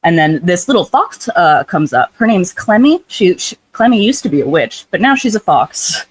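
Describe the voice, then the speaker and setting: A woman's voice: on the low side, big pitch swings, moderate pace, slightly rough, no echo. A woman co-hosting a book podcast, retelling a plot in a wry, sarcastic, casual way. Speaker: podcast co-host. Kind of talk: casual book-review chat.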